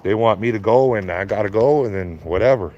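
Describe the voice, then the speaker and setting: With a fairly low voice and a slightly fast pace, a Canadian man in his fifties rants bluntly and profanely on a live stream, ridiculing his critics and laughing at his own jokes. There's slight background noise, and the stream audio is a bit dull and lo-fi.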